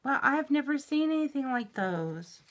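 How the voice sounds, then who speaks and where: A middle-aged woman opening a mail package in a home vlog, gushing and giggling, shaky with excitement. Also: sits high, normal speed. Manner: gushing and giggly, exclaims often. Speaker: YouTube reviewer. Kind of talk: unboxing vlog.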